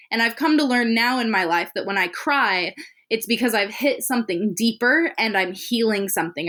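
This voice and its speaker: A woman's voice: on the high side, fairly bright tone. A young adult woman hosting a self-care podcast, talking earnestly and candidly in an encouraging way. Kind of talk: reflective solo podcast talk.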